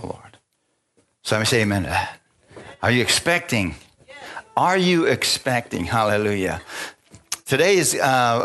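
A man's voice: medium pitch, fairly bright tone. A man preaching a sermon in a conversational style, often asking the congregation for amens and chuckling as he talks. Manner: call-and-response preaching with frequent amens. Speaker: pastor.

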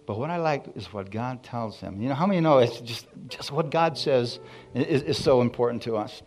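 A man preaching a sermon in a church. He keeps asking the congregation for responses and drops into quiet asides between loud, emphatic points. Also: mid-range voice, animated, a little fast. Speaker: pastor.

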